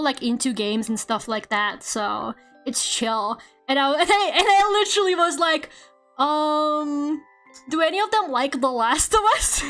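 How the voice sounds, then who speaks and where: A young woman streamer chatting casually with her chat, animated, laughing often and swearing freely. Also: high voice. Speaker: VTuber art streamer. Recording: faint music behind. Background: faint background music.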